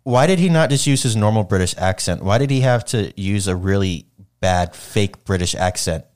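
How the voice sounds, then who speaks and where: A man's voice: lowish voice, normal speed, clean tone. A man co-hosting a podcast in casual chat, easygoing and wry. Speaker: podcast co-host.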